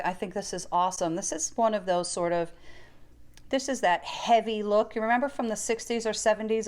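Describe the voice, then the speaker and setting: A woman giving a casual, enthusiastic show-and-tell of her vintage ornament collection in her living room. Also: on the low side. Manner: chatty, enthusiastic, gushing over finds.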